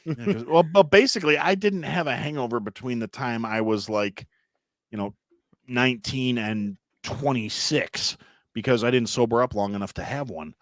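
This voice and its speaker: A man's voice: mid-range voice, normal speed, no echo, studio quality. A man in his thirties, a chef and podcast guest, telling profane, self-mocking stories in casual chat with frequent restarts. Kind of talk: casual storytelling.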